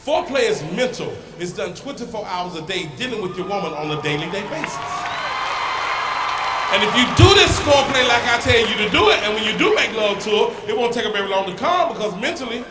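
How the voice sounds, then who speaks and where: A man doing stand-up with a high, animated voice that leaps up into shouts as he teases people in the crowd. The recording is roomy and live, with a loud audience and steady ambient noise all around. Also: a little fast. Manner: loud, teasing, shouts punchlines and talks to the crowd. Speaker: stand-up comedian. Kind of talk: stand-up routine with crowd work. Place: comedy stage before a live audience. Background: loud audience laughter.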